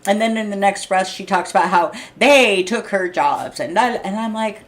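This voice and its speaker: A middle-aged woman ranting to camera in a blunt, profane, heated way, often clearing her throat. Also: mid-range voice, normal speed. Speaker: vlogger. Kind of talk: unscripted rant to camera. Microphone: streaming setup mic.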